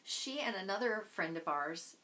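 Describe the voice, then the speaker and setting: A woman's voice: medium pitch, expressive, moderate pace, sharp tone, rough recording. A woman vlogger chatting casually and enthusiastically about books she loves. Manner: gushing, enthusiastic. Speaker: book vlogger. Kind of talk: casual chat.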